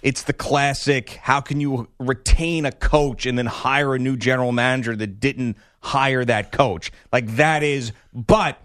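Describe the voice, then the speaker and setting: A man's voice: medium pitch, fairly even intonation, measured pace, few pauses, fairly bright tone, no echo, studio quality. A man hosting a casual sports talk show, bantering about the draft and laughing often.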